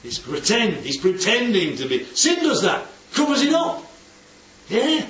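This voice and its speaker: This informal Bible teaching comes from a man whose high voice swings hugely in pitch, with a slightly slow delivery and a fairly bright tone. He often asks the group questions and checks they're following, captured in a distant, dull, roomy recording with faint noise.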